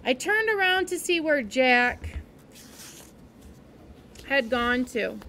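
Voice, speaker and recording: A woman reading a children's novel aloud in an expressive, gentle storytelling manner. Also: high-pitched, slow, slight background noise. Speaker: reader.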